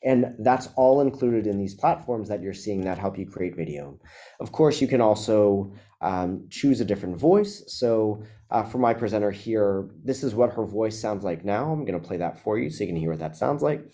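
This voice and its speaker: A man gives a casual live webinar walkthrough of video software. His voice is low and mellow. He speaks in a relaxed way, filling pauses with ums and uhs. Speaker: webinar presenter.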